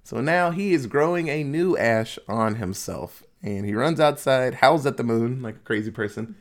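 A man's voice: medium pitch, lively intonation, normal speed. A man casually recapping a movie plot in a loose, jokey way, swearing freely.

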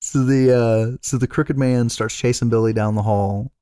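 A man's voice: mid-range voice, steady tone, moderate pace, dark tone, clean tone, no echo, clean studio sound. A man co-hosting a podcast, casually retelling a film plot, swearing freely and rambling with fillers. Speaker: podcast co-host. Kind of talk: casual chat recapping a film.

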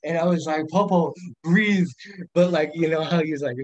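A man's voice: fairly high pitch, steady tone, moderate pace, darkish tone, dry recording, dull audio. A young man casually telling rambling, profane stories on a podcast, laughing often as he talks. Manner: rambling storyteller, laughs a lot, lots of swearing. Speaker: podcast guest. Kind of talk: casual chat.

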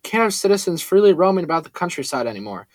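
A man reading a cold, condescending villain in a suit, calm and menacing. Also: high voice, very fast, dry recording.

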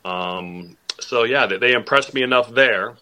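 A man's voice: mid-range voice, measured pace, pushed and bright. A man who is a guest on a sports podcast, talking casually and rambling, with lots of fillers and restarts. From Boston area family.

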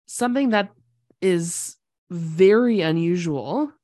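A woman co-hosting a podcast, recapping a TV episode in casual chat, excitable and quick to exclaim, laughing mid-sentence. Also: on the low side, no room sound, clean studio sound. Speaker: podcast co-host.

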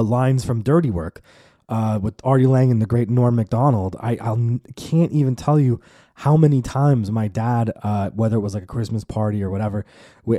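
A man's voice: mid-range voice, mellow, dry recording, clean studio sound. A man in his twenties hosting a solo podcast, telling rambling, self-amused stories, swearing freely and acting out the voices he quotes. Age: 20s. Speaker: podcast host. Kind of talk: casual solo podcast monologue.

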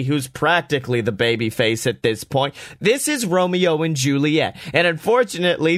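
A man's voice: fairly high pitch, dry recording, studio quality. A man giving a casual, sarcastic, profanity-laced recap of a wrestling show. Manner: sarcastic, profane, animated retelling.

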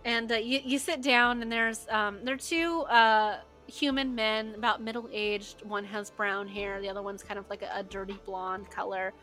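A woman's voice: mid-range voice, fairly even intonation, moderate pace, few pauses, pushed and bright, faint music behind. A woman narrating as game master, chatty and loose, full of "like" and "uh".

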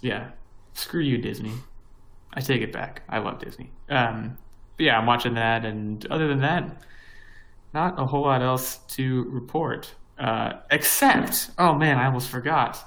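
A man's voice: mid-range voice, unhurried, a bit bright, poor audio. Casual rambling young man. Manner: rambling, many fillers and restarts. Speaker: podcast co-host. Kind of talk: casual chat.

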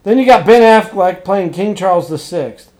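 A man co-hosting a casual podcast about upcoming movies, excitable, swinging from quiet asides to loud outbursts. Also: sits high, normal speed. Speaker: podcast co-host.

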